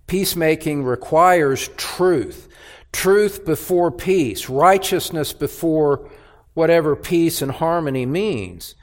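A man preaching a sermon as pastor, speaking emphatically and repeating key phrases in a measured, deliberate way. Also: on the high side.

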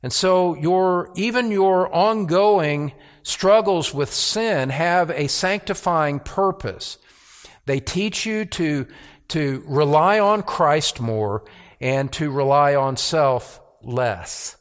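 A man's voice: fairly high pitch, takes it slowly. A man preaching a sermon as pastor, earnest, with repeated words and rhetorical questions.

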